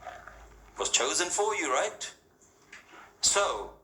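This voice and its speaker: A spiritual speaker talks to a hall audience at a moderate pace, his mid-range, animated voice sounding pushed and bright. He chats conversationally, poses rhetorical questions, and checks in often with "yeah?" and "right?". The recording is echoey with faint ambience.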